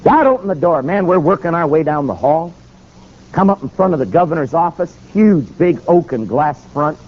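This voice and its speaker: Animated man telling a sermon story. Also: on the high side, moderate pace, highs cut off. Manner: animated, acting out dialogue. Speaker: preacher and attorney.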